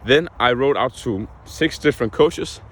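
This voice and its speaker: A man's voice: mid-range voice, moderate pace. Young man venting in a casual vlog. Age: young adult. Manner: frank, heated, swears often. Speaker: vlogger.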